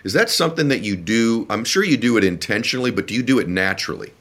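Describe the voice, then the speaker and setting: A male podcast host with a notably low voice talks in a warm, emotional way. He praises his guest in halting phrases full of fillers. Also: lively intonation. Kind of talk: interview podcast conversation.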